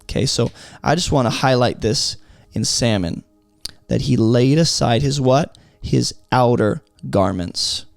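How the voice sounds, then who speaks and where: Gravelly-voiced man teaching Bible verses. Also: mid-range voice, unhurried, no echo, faint music behind. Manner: emphatic, explanatory, asks rhetorical questions.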